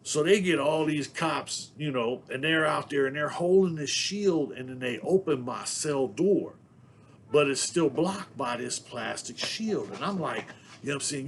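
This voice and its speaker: A man's voice: mid-range voice, expressive, a little slow, slight background noise. Rambling man from San Diego. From Southeast San Diego, California. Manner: rambling, packed with "you know what I'm saying"; laughs between thoughts. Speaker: vlogger telling prison stories. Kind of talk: casual storytelling to camera.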